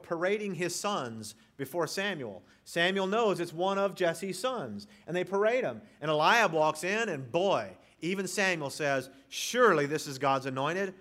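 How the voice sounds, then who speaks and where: Emphatic preacher, bright tenor voice. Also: male voice, a little high. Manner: expository preaching, reads scripture aloud, addresses congregation as folks. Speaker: pastor. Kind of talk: sermon.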